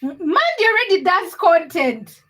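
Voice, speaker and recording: Young woman on a livestream, high voice, giggly, teasing the chat. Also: very animated, measured pace, sharp tone. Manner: chatty, giggly, teasing viewers by name. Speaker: livestream host. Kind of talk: casual livestream chat reading comments.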